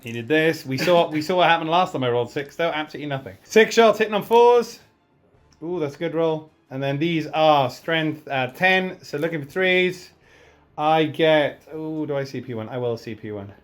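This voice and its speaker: Chatty guy narrating his wargame turn, a bit high-pitched, pokes fun at himself, gets worked up over rolls. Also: moderate pace. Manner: chatty, self-mocking, excitable over dice rolls. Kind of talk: casual battle report commentary.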